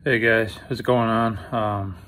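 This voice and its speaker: Low, flat-voiced man, subdued and halting. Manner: subdued, halting, full of fillers. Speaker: former teammate sending a video tribute. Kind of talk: recorded video message.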